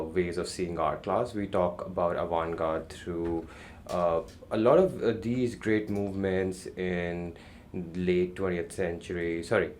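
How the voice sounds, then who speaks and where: Low-voiced man lecturing with many fillers. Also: slight background noise. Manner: thinking aloud with many fillers and restarts. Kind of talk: classroom lecture.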